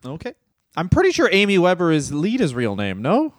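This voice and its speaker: A man's voice: sits high, wildly swooping pitch, brisk, dry recording, clean studio sound. A man in his thirties co-hosting a podcast, talking in a crude, rambling, self-mocking way. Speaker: podcast co-host. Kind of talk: casual comedic chat.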